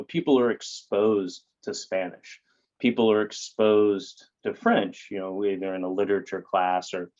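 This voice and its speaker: A man's voice: on the low side, darkish tone, muffled recording. A man, a guest in an interview, explaining things in a lecturing way with many fillers and tag questions. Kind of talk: explanatory conversation.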